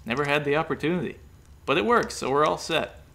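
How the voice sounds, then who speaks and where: A man's voice: a little high, lively intonation, fast, gravelly, fairly bright tone, voice pushed up. A man reading a story aloud, voicing a nonchalant young man who speaks in an offhand, shrugging way.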